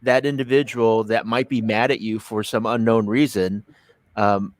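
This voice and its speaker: A man's voice: lowish voice, steady tone, moderate pace, dry recording. A man co-hosting a casual business chat, laughing often and restarting his phrases.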